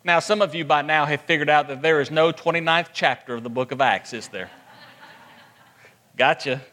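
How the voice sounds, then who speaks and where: Male pastor, high voice, long church reverb, rhetorical questions. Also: quick pace, bright, forceful tone. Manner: preaching with rhetorical questions and emphatic repetition. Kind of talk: sermon.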